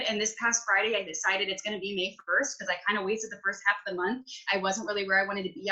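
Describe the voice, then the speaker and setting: A woman's voice: medium pitch, sharp tone, rough recording. A woman talking casually on a video call as a network marketing team leader, rambling emotionally and acting out her own past conversations. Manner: rambling, emotional, lots of "like" and quoted self-talk.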